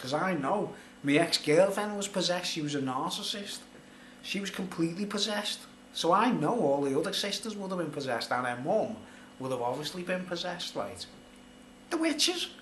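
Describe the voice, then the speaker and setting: A man's voice: on the high side, a bit bright. A middle-aged man telling a rambling personal story in a casual vlog, full of "like" and "you know". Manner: rambling, filler-heavy, conversational. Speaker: vlogger. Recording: roomy echo, faint background noise.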